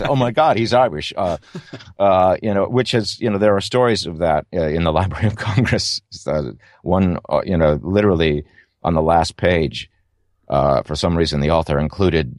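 A man's voice: extremely low pitch, no room sound, studio quality. A middle-aged man, an audiobook narrator, giving thoughtful, rambling interview answers with many fillers and restarts.

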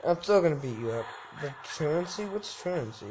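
A man's voice: a little high, lively intonation, normal speed, noisy background. A young man giving goofy, jokey let's-play commentary, talking back to the game's characters. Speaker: gaming YouTuber.

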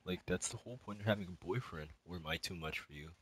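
A distraught young male student in an emotional spoken monologue, rambling and halting, with many sighs and fillers. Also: deep voice, a bit bright, slight background noise, low-quality recording.

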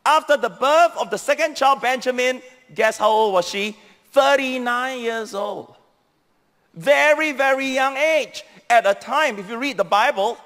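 Pastor guy preaching, lively, acts out bible voices, big echoey church hall. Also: very high voice. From Singapore. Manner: animated preaching, acting out Bible voices, addresses the congregation. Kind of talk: sermon. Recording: long hall reverb.

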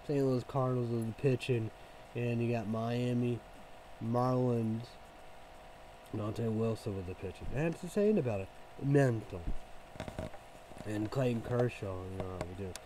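Male vlogger, loose profane ramble, filler-heavy, mid-pitched voice. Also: warm tone, slight background noise, poor audio. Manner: rambling, profane, full of "you know" fillers. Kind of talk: casual rambling rant.

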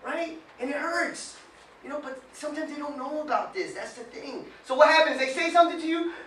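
A man giving an animated motivational talk to a small live group, quizzing them with questions and breaking into mocking whiny voices. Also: very high-pitched, brisk. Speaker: motivational speaker. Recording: roomy sound from far off with faint noise.

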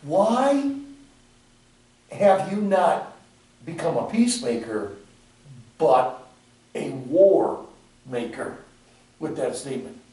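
A man's voice: a little high, animated, takes it slowly, pauses often, warm tone. A man teaching a ministry class, acting out both sides of conversations and laughing often. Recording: echoey room from far off, faint noise.

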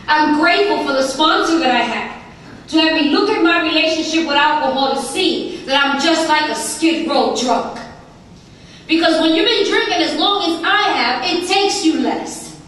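High-voiced woman testifying in an echoey hall. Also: moderate pace, fairly bright tone, distant mic. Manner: emphatic, repetitive, rhythmic lists. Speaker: recovery meeting speaker. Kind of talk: personal testimony talk. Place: large conference hall.

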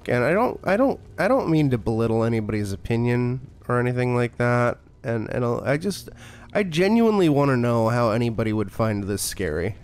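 A man's voice: medium pitch, sing-song, fairly quick, few pauses, darkish tone, clear, resonant tone. A man streaming a horror game, talking in a casual, profane, sarcastic way and playing up being scared. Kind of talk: casual gameplay commentary.

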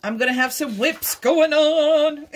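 A middle-aged woman hosting a craft vlog, cooing and giggling as she unboxes gifts. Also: sits high. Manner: gushing, coos and giggles. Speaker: craft channel host.

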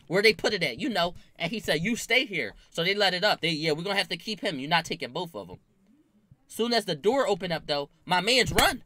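A man's voice: high-pitched, brisk, slight background noise. A young man telling a story in casual slang, acting out the voices of the people in it. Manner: animated, acts out quoted voices, slangy.

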